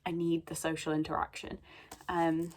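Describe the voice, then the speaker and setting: Her voice sits low, level and a little mellow, at a moderate pace. This young woman vlogs about her reading in a chatty, rambling way, full of ums, sneezing now and then.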